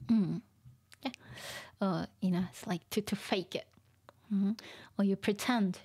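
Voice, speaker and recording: A woman teaching vocabulary in a casual livestream lesson, softly mixing Japanese and English and laughing often. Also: mid-range voice, a little slow, husky.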